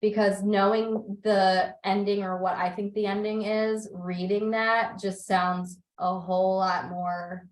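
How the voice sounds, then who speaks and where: A woman's voice: mid-range voice, slow, few pauses. A young woman chatting casually in a book club on a video call, telling stories with laughter and acting out her own quotes. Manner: animated, laughing, quotes herself in lively voices. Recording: roomy video call audio.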